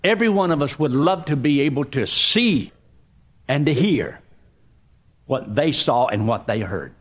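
A man's voice: medium pitch, lively intonation, measured pace. A man preaching a sermon, reading scripture aloud and explaining it in a folksy, emphatic way.

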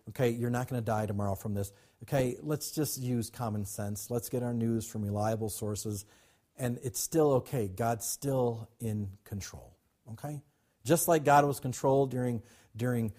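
Male pastor, husky voice, emphatic preaching with call and response. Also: medium pitch, moderate pace, mellow. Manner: emphatic, repetitive, calls to the congregation. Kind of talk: sermon.

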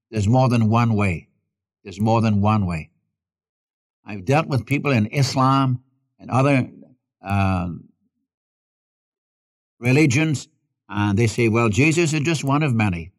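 A man delivers a sermon at a middle pitch. He is emphatic and repeats his key phrases. He reads scripture in old-fashioned wording and calls on listeners to follow along in their Bibles. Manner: addresses listeners directly, asking them to follow in their Bibles. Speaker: preacher.

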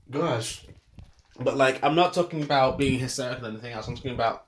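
A young man talking through an unscripted voice note monologue, sighing and laughing, with sudden loud outbursts between muttered asides. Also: mid-range voice, fast talker. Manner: emotional, swinging from muttered sighs to loud outbursts; sighs and laughs often, says "girl" a lot. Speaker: podcast host.

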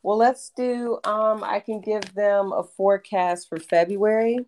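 A woman tarot reader talking about readings in a relaxed, rambling way, full of fillers and restarts. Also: mid-range voice, a little slow, a little hiss or hum. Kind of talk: casual podcast chat.

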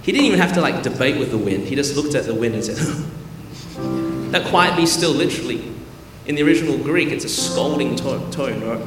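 A man preaching a lively, humorous sermon, joking with the crowd and building to loud call-and-response. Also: medium pitch, normal speed. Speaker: pastor. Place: large church hall. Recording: echoey hall with keyboard music.

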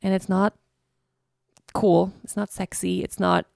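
Speaking without hurry, this woman has a fairly low, creaky voice with a darkish tone and little pitch movement. On her podcast she reflects candidly on her feelings, restarting often and circling back with frequent "you know"s. The recording is dry and clean, made in a studio.

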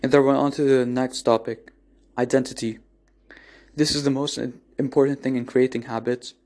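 A man with a medium-pitched, slightly mellow voice delivers an unscripted motivational monologue. He's earnest and blunt, swears casually, and keeps restarting and repeating phrases.

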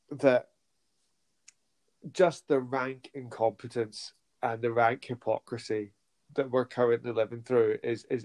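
A man's voice: medium pitch, darkish tone. Earnest, hesitant male podcast host. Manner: earnest, hesitant, many fillers. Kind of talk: casual chat.

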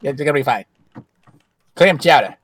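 A man voicing a brash, friendly Boston tough guy in a put-on Boston accent, with loud, hearty greetings. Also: mid-range voice, expressive, moderate pace, slightly rough.

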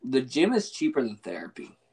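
A man's voice: mid-range voice, huge pitch swings, a little fast, creaky, darkish tone, slightly rough. A young man hosting a podcast in casual chat, rambling with fillers and restarts. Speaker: podcast host.

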